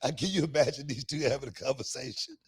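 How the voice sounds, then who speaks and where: A middle-aged man co-hosting a casual podcast chat, relaxed and often breaking into laughter as he tells stories. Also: mid-range voice, fast, slightly rough, no room sound. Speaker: co-host.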